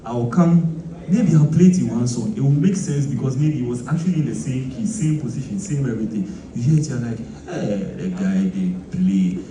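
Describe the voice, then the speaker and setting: A Ghanaian bass player explaining music in a casual, animated teaching talk, full of rhetorical questions. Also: male voice, fast. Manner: animated, mixing quoted voices and rhetorical questions. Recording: echoey room, mic from far off, noisy.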